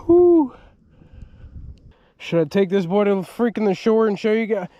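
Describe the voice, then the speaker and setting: A man, excitedly narrating his own fishing vlog from a kayak on a river at night, often exclaiming and laughing. He is recorded on an action camera. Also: high voice, a little fast, dry recording, dull audio. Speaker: fishing vlogger. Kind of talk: excited outdoor vlog commentary.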